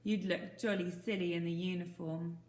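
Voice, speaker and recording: A woman's voice: fairly low pitch, flat delivery, normal speed, darkish tone, lightly acted. A woman voicing a cheerful, confident young Boy Scout who talks in a breezy, teasing way. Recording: roomy echo.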